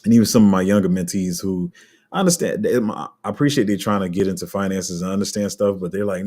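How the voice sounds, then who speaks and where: A man with a very low, husky voice talks loosely through crypto news on a livestream. He rambles, restarts and answers his viewers' comments as he goes. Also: fast talker, darkish tone. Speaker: crypto streamer.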